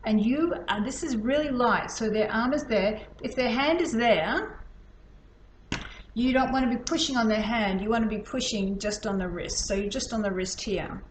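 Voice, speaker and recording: A woman's voice: a little high, normal speed. A woman instructor talks students through a hands-on technique in a loose, chatty way. She demonstrates as she goes. The room is echoey, with a faint background hum. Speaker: healing instructor. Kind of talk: casual teaching demonstration.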